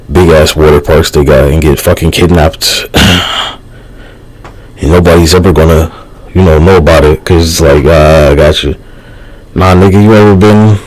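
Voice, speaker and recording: A man's voice: deep voice, dry recording, poor audio. A man live streaming, rambling loosely in a casual, profane, slangy way. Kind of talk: rambling casual livestream talk.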